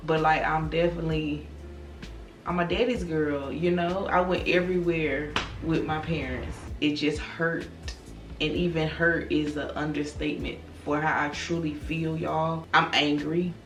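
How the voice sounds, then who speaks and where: A woman in her thirties, grieving and subdued, talking slowly and softly to her viewers in a confiding way, calling them girl and y'all. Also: low voice. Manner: slow, soft-spoken, confiding, calls listeners girl and y'all. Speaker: vlogger. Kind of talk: personal direct-to-camera talk. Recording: roomy, distant from the mic, faint music.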